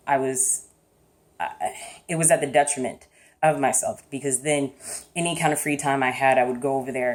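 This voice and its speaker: A woman with a strikingly deep, low voice speaks in a casual, reflective vlog. She talks thoughtfully and hesitantly, soft-spoken as she works through her feelings out loud. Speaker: vlogger.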